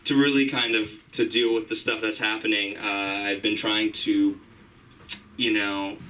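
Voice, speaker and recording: A young man from Iran doing a rambling stand-up set at an open mic, jumping into high, excited voices when he quotes people. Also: a little hiss or hum. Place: comedy club stage. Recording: distant mic in a club room with audience. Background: audience laughing.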